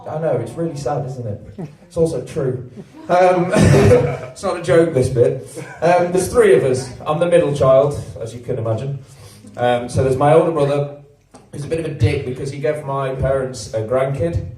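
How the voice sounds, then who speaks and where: Self-deprecating young English comic. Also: male voice, moderate pace, few pauses. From England. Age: 20s. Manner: deadpan, self-deprecating, with big rises in pitch on punchlines. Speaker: stand-up comedian. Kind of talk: stand-up comedy set. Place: comedy venue with a live audience. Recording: echoey venue, mic at a distance. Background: audience laughter.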